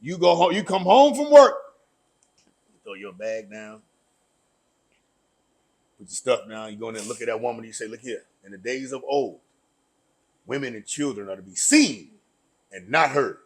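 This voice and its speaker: Man putting on a swaggering tough guy, husky voice, pitch swinging all over. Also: big pitch swings, normal speed, long pauses. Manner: swaggering, mock-menacing, jokey. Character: blustering tough-guy man boasting and threatening.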